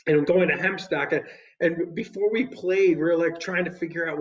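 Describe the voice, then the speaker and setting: A man, a guest musician, telling stories in casual chat, animated and laughing often, with many restarts. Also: on the high side, moderate pace, dull audio. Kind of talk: casual storytelling. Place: podcast studio.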